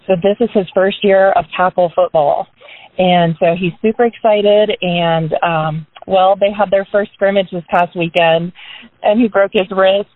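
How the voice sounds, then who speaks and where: A woman's voice: medium pitch, fairly even intonation, measured pace, no room sound. Chatty woman on a tinny call. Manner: chatty and upbeat, with frequent tag questions. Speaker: business team member giving a motivational talk on a group call. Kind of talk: casual motivational talk. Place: inside a parked car. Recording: dry, tinny phone-line sound.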